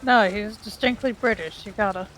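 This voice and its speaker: A woman's voice: mid-range voice, moderate pace, fairly bright tone, a little hiss or hum, poor audio. A woman teasing and joking with a friend while he streams a game. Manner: teasing, laughing. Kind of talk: casual gameplay banter.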